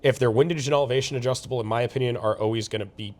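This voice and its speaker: A man's voice: medium pitch, fairly even intonation, racing, darkish tone. A young man co-hosting a casual chat outdoors, giving firm opinions and often repeating words as he starts a point. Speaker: co-host. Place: outdoors at a shooting range.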